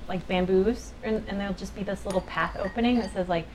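An animated woman telling stories in loose podcast banter, peppered with swearing and fillers. Her pitch sits in a middle range. A faint hiss sits under the recording. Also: a little fast, low-quality recording. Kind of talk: casual chat.

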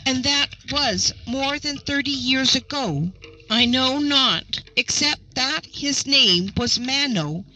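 A woman reading the lines of a gentle, sorrowful young male giant in a slow, ponderous storybook tone. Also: high voice, animated, full character voice, poor audio. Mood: mournful. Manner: ponderous but not unpleasant tone.

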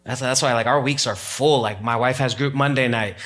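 A man's voice: mid-range voice, fairly quick, a bit bright. A man preaching a sermon as pastor, talking casually to the congregation and rising to emphatic, heightened moments.

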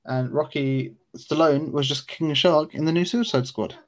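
A man's voice: on the high side, normal speed. A man co-hosting a podcast, chatting casually in a rambling, enthusiastic, slangy way. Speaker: podcast co-host. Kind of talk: casual chat.

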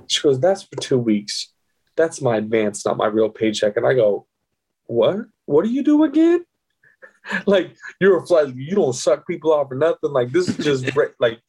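A middle-aged guest tells a casual, profane story in a medium-pitched, slightly rough voice, and the recording quality is low. He is animated and acts out the voices of the people he quotes.

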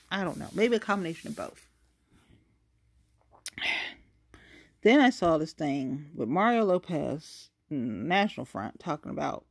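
A woman talks straight to her audience in a loose, swearing rant, exasperated and blunt. Her pitch sits on the low side but swings widely as she vents. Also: a little mellow. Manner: profane, exasperated, talks to the viewer directly. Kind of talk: casual rant monologue.

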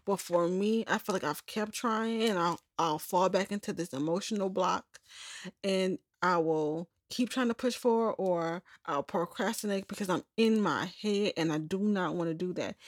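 A woman's voice: medium pitch, no room sound. A young adult woman hosting a personal podcast, talking candidly in a rambling, self-correcting way. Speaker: podcast host. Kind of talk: personal journal-style podcast monologue.

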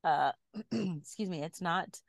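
A woman's voice: on the low side, slow pace, vocal fry, dry recording. A woman co-hosting a podcast, telling a story in a chatty way and laughing easily. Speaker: podcast co-host. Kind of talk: casual chat, storytelling.

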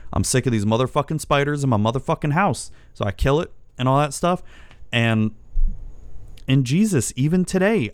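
A man's voice: mid-range voice, clean tone, dry recording. A middle-aged man casually ranting as a vlogger, profane, rambling and exasperated as he tells a story. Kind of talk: casual rant. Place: home.

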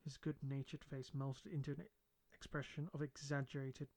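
Man reading a novel aloud, measured. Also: mid-range voice, little pitch movement, mellow. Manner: measured reading with occasional stumbles and restarts. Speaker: audiobook narrator. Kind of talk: audiobook narration.

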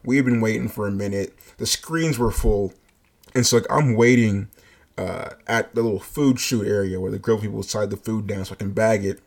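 A man telling a workplace story in a casual, animated way, swearing and laughing as he goes. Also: fairly low pitch, moderate pace. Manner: animated, profane, laughing asides. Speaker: fast-food shift lead.

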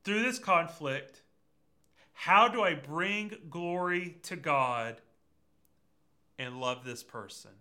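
A man's voice: fairly high pitch, takes it slowly, long pauses. A man preaching a conversational sermon, speaking directly to his listeners. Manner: lively and conversational, addresses congregation directly. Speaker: pastor.

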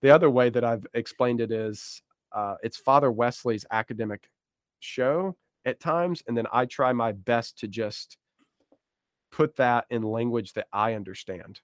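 A man's voice: mid-range voice, a little slow, dry recording. Joking man on a dry podcast mic. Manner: joking, self-deprecating asides. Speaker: podcast co-host. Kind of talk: casual podcast chat.

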